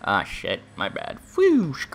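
A man's voice: mid-range voice, lively intonation, normal speed, bright, forceful tone. A man streaming a game, chatting casually with viewers in a crude, rambling, joking way. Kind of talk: casual livestream gameplay commentary.

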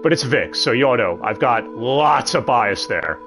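Lively man hosting a casual review. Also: mid-range voice, moderate pace. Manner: chatty, with joking asides. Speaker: host. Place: home streaming setup. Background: background music.

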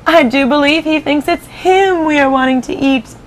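A woman's voice: high-pitched, normal speed, slight background noise, pitched above the performer's own voice, lightly acted. A woman reading aloud to a class, voicing a kindly, motherly female ladybug from a storybook. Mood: fussing.

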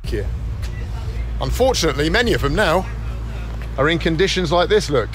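A man's voice: fairly high pitch, animated, normal speed, fairly bright tone. A man, doing chatty, upbeat travel vlog commentary outdoors on a town street. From southern England. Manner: chatty, upbeat, asks strangers questions. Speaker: travel vlogger. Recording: street noise behind the voice.

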